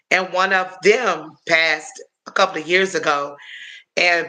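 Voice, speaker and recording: A man hosting a live stream, chatting in a rambling way, answering viewers' comments, calling them y'all, and filling pauses with um and uh. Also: sits high, pushed and bright. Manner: halting, with frequent um and uh fillers. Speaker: livestream host answering chat. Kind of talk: casual live-stream chat.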